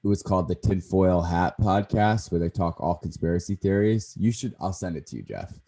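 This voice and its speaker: Brief: very deep, husky man in his thirties, rambling casual podcast chat. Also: lively intonation, a little fast, warm tone. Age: 30s. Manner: rambling, self-correcting. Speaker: podcast co-host.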